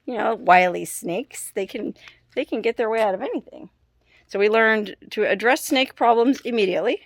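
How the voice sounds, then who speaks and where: A woman's voice: on the high side, normal speed, no room sound. A young adult woman vlogging casually, distressed and apologetic, with nervous laughs. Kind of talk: casual vlog talk to camera. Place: hot house and shaded yard.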